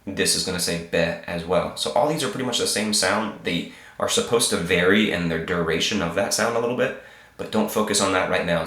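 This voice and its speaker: Slow, patient low-voiced man teaching. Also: a bit bright. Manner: slow, patient, repeats sounds for learners. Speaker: Hebrew teacher. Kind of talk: screen-share reading lesson. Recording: roomy echo.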